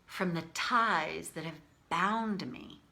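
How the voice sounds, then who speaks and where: A woman coaching viewers on a livestream, candid and animated, speaking to them by name. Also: lowish voice, slow, creaky. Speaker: tapping coach.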